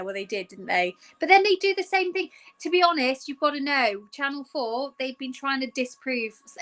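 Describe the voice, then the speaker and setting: A British woman chatting and teasing while hosting a live crystal sale, slowing down to read out items. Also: high voice, sharp tone. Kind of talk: casual live-stream sales chat.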